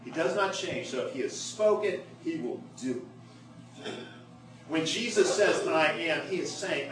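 A male preacher delivering a sermon in a slightly higher voice, stretching out key phrases to stress them. He sounds a little distant from the mic, and the room rings with heavy echo. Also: measured pace.

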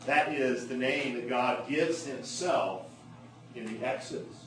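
A man preaching a sermon, who slows down and leans into key phrases for emphasis. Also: mid-range voice. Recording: echoey room, mic at a distance.

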